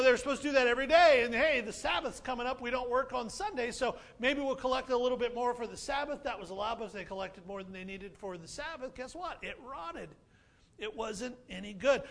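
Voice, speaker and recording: A male pastor giving a lively sermon in a high, gravelly voice. He talks playfully and leans on repetition to drive points home. The tone is bright and forward. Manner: animated, playful, repeats key phrases.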